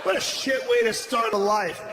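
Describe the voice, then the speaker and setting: Loud, profane man doing stand-up. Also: extremely high pitch, steady tone, moderate pace, loud music behind the voice. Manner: loud, profane, frequently shouting. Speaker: stand-up comedian. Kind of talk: stand-up comedy routine. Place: large indoor comedy venue. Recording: echoey live venue with audience noise. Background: audience laughter.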